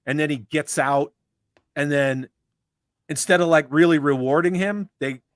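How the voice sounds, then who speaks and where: A man's voice: on the high side, moderate pace, dry recording, clean studio sound. A man co-hosting a casual livestream, chatting loosely with a lot of swearing and reading out chat comments. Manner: laid-back, profane, riffing.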